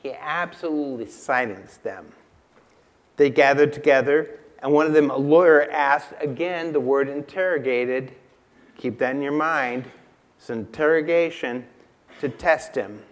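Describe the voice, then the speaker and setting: A man preaching a sermon in a church, emphatic and unhurried, asking the congregation rhetorical questions and repeating key lines. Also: a little high. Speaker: pastor.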